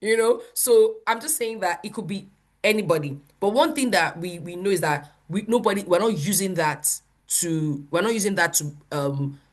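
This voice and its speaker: A woman pastor with a Nigerian accent, teaching in an animated, chatty way and often acting out what people say. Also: fairly low pitch, normal speed. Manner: animated, laughs often, quotes people in voices. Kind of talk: conversational teaching.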